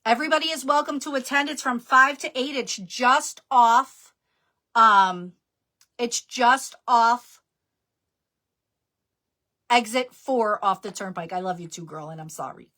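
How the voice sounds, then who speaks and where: A woman's voice: on the high side, unhurried, long pauses, sharp tone. A woman from New Jersey with a New Jersey accent, chatting casually and laughing at herself while giving business tips on a live stream. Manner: chatty, laughing, self-deprecating. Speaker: jewelry business guest speaker.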